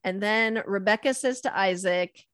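A woman's voice: mid-range voice, moderate pace, a bit bright, clean tone, dry recording, clean studio sound. A woman casually retelling a story, acting out the quotes with playful irreverence and cursing. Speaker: podcast co-host retelling Bible stories. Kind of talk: casual chat.

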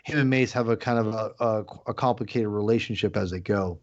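Male host, casual and animated, lo-fi mic. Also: on the low side, fairly quick. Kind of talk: casual chat, watch-along commentary.

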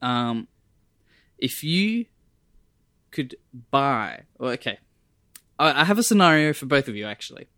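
Male podcast host, mid pitch, playful, quick asides, dry close mic. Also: sing-song, bright, forceful tone, dry recording. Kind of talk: casual podcast chat.

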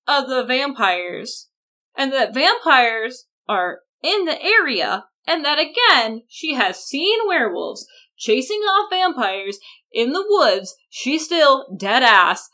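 A young woman chats through a book recap with a sarcastic edge, dropping in acted-out quotes. Her voice is fairly high and bright, with a crisp, tense edge. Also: big pitch swings, measured pace. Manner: sarcastic, acts out characters' lines. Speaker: podcast co-host. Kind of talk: casual chat, book recap.

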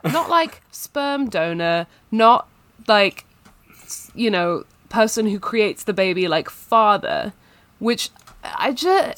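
A woman on a casual book podcast, reading passages aloud and commenting with lively asides. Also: medium pitch, takes it slowly, no room sound. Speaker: podcast co-host.

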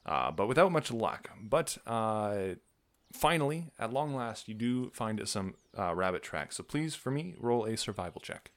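Game master: a man with a lowish voice, laid-back, unhurried narration full of fillers. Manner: relaxed, unhurried, many uh fillers.

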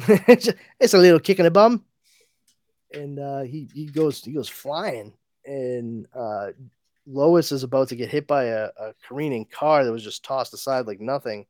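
A man's voice: mid-range voice, moderate pace, no echo. Guy recapping a comic on a podcast, laughs a lot, does the lines, dry close mic. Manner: animated, laughs often, acts out dialogue. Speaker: comic book podcast host. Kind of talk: casual chat, retelling a comic with voices.

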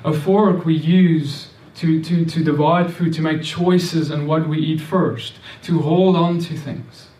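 A man's voice: on the high side, fairly even intonation, slow, few pauses, dark tone, far from the mic. A man preaching a sermon in an earnest, repetitive way, often restarting and stammering over words. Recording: echoey room, voice off-mic.

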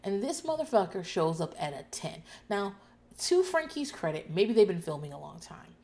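A woman host talking casually and loudly about a show, profane and animated, acting out people's lines in shouts. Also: on the low side, moderate pace. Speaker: podcast host recapping a TV show. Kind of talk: casual chat.

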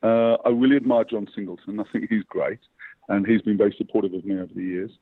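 A man, a publicist, telling lively motivational anecdotes as a guest over the phone. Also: lowish voice, fast talker, no room sound. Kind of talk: interview storytelling. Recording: tinny phone line.

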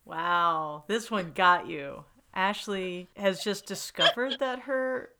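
A woman hosting a podcast in casual chat, jokey and quick to laugh. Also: medium pitch, heavy background noise. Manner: chatty, jokey, laughs often. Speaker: podcast host.

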